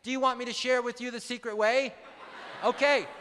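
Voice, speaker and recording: A man with a very high voice tells his prison testimony as a sermon, earnest and emphatic, calling out to the listeners. His voice rings out through a long hall reverb. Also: fairly even intonation, a little fast, sharp tone, slight background noise. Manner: earnest, emphatic, calls out to the audience. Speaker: preacher.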